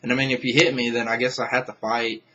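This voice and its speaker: A man's voice: mid-range voice, flat delivery, quick pace, sharp tone, lo-fi sound. A young man venting to camera in a casual vlog rant, angry and profane, rambling with many restarts. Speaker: vlogger.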